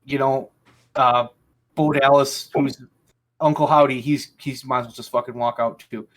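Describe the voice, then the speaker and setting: A man's voice: mid-range voice, steady tone, moderate pace, fairly bright tone. A man hosting a casual podcast chat, ranting angrily and swearing heavily. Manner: angry ranting, heavy swearing. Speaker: podcast host.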